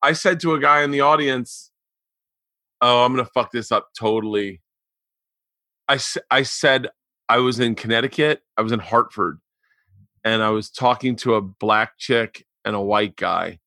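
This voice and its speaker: A man hosting a podcast, telling stories in casual chat, animated with sudden loud, cursing outbursts. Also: medium pitch, moderate pace, no echo, clean studio sound. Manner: animated storyteller, loud outbursts, swears a lot. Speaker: podcast host.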